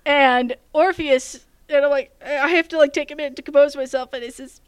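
High-voiced woman rambling through a story. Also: fairly even intonation, fairly quick, no room sound. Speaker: game master telling a story. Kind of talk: casual chat.

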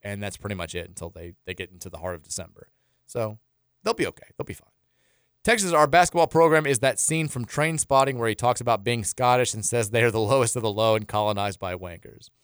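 A man's voice: on the low side, animated, quick pace, fairly bright tone, smooth, dry recording. A man hosting a sports radio show in a studio, reading out listener texts in a loose, rambling way with frequent restarts and chuckles.

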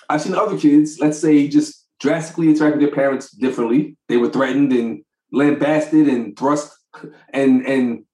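A man co-hosting a podcast, telling stories about his kids in a casual, animated way and laughing often. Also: mid-range voice, roomy sound, rough recording. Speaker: podcast co-host. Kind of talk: casual chat.

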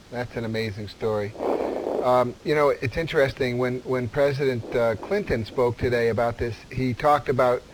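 A man hosting a radio interview, asking probing, halting questions. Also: medium pitch, background noise.

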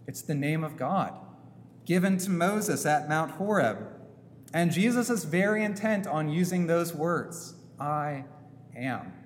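Slow, emphatic priest in a reverberant church. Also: male voice, on the high side. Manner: slow, emphatic preaching with rhetorical questions. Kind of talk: sermon. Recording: long church reverb, faint hum.

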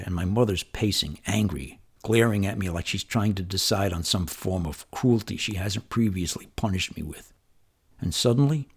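A man's voice: lowish voice, a little mellow. A man from New York telling a personal childhood story in a conversational, wry and vivid way. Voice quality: gravelly and husky. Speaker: memoir storyteller.

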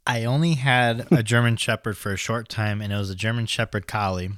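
A man's voice: on the low side, fairly even intonation, a little fast, a bit bright, no room sound. A man co-hosting a casual podcast, playful and teasing. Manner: playful, teasing, laughs easily. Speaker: podcast co-host.

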